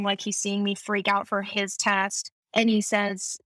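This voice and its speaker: A young woman chatting as a podcast guest, telling animated, quick stories with a laugh. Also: medium pitch, no echo. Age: young adult. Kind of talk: casual chat.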